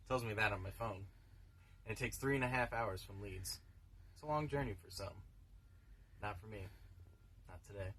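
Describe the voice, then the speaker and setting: An older man talks in a low, dry, unhurried way. His musings ramble, wry and deadpan, as if to a seatmate. A faint hiss of noise sits under the voice. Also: low-quality recording. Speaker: bus passenger. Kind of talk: comic monologue to a stranger.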